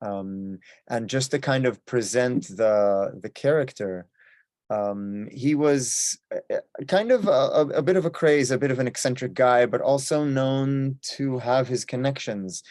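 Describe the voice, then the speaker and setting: A man telling a folk tale at a story swap in a relaxed, chatty way with small restarts. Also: medium pitch, measured pace, no echo.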